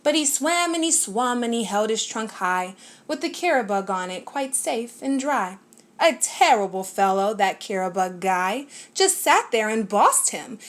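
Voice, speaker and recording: A woman reads a rhyming children's book aloud with a steady, lilting rhythm. Her voice sits a bit high for a woman and stays clear and friendly to follow. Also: unhurried. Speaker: storybook reader.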